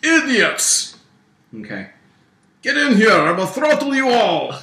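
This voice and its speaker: A man's voice: sits high, big pitch swings, slow, sharp tone, reverberant, a little hiss or hum, voice pushed up, heavily acted. A man voicing a drowned Russian boss with a gurgly, bubbly, electronic voice and a Russian accent. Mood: furious.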